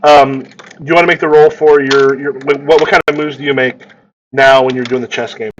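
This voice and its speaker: A man's voice: medium pitch, fairly even intonation, normal speed, highs cut off, a little hiss or hum. A man narrating a tabletop role-playing game as game master, often repeating words as he describes the scene.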